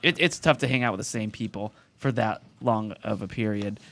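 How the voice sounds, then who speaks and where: A man's voice: fairly low pitch, brisk, creaky, fairly bright tone, dry recording. A man hosting a casual podcast chat, rambling with restarts and laughing often. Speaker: podcast host.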